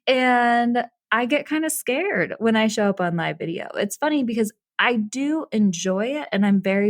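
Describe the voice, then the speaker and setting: A woman's voice: mid-range voice, no echo, clean studio sound. A young woman hosting a solo podcast, talking in a casual, candid way and laughing often. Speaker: podcast host and business coach.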